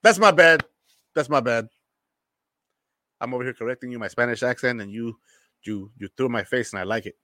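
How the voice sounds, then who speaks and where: An energetic man hosts a casual sports show and answers viewer comments. His voice is bright and forceful and swings between loud jokes and low asides. The sound is dry and close. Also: no room sound. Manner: energetic, animated, joking, quick bursts.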